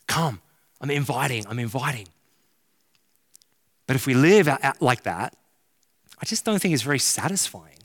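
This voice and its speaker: A man's voice: a little high, fairly bright tone. A man preaching a sermon as a pastor, casual and joking, full of slang. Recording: long hall reverb.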